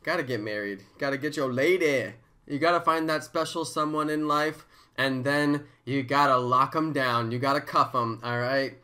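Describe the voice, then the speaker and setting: A man in his thirties chatting casually and excitably on a live stream, often hyping and chanting. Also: mid-range voice, normal speed. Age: 30s.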